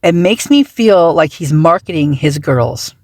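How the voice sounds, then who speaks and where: A woman's voice: low-pitched, animated, a little slow, darkish tone, dry recording. A woman hosting a casual reaction commentary, talking in an indignant, agitated way with many restarts and trailing fillers. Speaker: true-crime commentary channel host.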